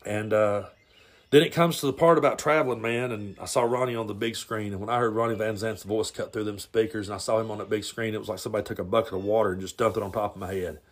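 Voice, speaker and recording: A man's voice: lowish voice, steady tone, fast. A man hosting a podcast and telling a long personal story in a blunt, rambling way, often stumbling and repeating words. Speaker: podcast host. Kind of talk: casual storytelling monologue.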